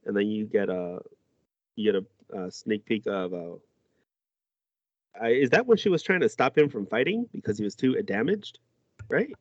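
Casting: casual man reading a comic, low voice, dry dull lo-fi recording. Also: normal speed, dry recording. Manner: reading aloud with fillers. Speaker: co-host reading a comic aloud. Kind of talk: casual chat.

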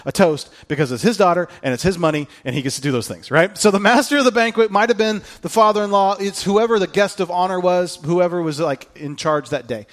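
A man preaching a sermon, telling the story in an animated way, with jokey asides and acted-out quotes. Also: high-pitched, a little fast, hardly any pauses. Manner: acts out the quoted lines. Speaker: pastor.

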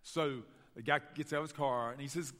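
A man with a Southern US accent from Tennessee, preaching a sermon and telling stories to his church in an animated way. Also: medium pitch, fairly quick, long reverb tail. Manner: storytelling, animated, addresses the church directly. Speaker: pastor. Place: church sanctuary.

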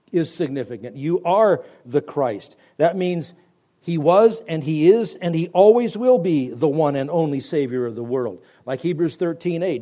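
A male pastor teaches the Bible on radio in a mellow, somewhat high voice. He leans hard on key words, then lets his sentences fall quiet and low. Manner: emphatic preaching with wide swings from loud stresses to quiet, low endings.

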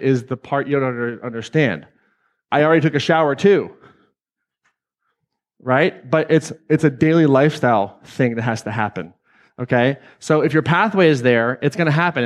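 A man giving a live self-help seminar talk to an audience, energetic and joking, swearing freely. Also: on the high side. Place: event hall with audience.

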